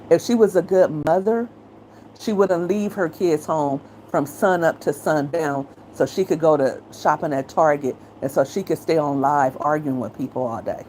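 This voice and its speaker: A low-voiced middle-aged woman, opinionated and blunt, talking casually straight into the mic. Her tone is frank and conversational. There is a faint hiss of noise under her voice. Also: darkish tone, rough recording. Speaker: commentary channel host.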